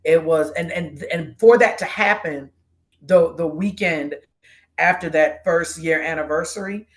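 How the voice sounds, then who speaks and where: A woman's voice: low voice, measured pace. A woman guest co-host sharing a tearful, heartfelt personal story in casual conversation, often quoting what people said to her. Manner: heartfelt, tearful storytelling with many quoted exchanges.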